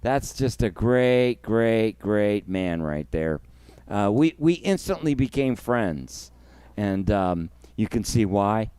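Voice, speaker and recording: Smooth-voiced emotional man hosting a livestream. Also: lowish voice, animated, takes it slowly, no echo. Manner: emotional, effusive, thanks viewers warmly by name. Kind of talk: casual livestream chat.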